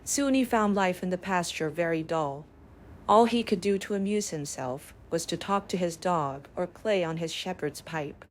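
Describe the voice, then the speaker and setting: A woman narrating bedtime fables in a calm, measured way. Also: lowish voice, slight background noise. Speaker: storyteller.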